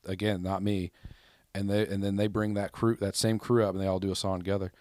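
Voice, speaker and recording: Rambling American host, low dry voice. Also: male voice, flat delivery, a little fast, no echo. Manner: rambling anecdotes with loud, high-pitched quoted outbursts. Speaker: podcast host. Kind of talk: casual chat, storytelling.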